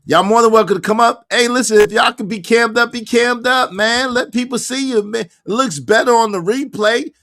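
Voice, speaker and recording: Male stream host, high gravelly voice, hoarse today, loose and joking. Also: normal speed, hardly any pauses. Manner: animated, joking, shifts between low mumbles and loud bursts. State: losing his voice. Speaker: livestream host. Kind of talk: casual livestream chat.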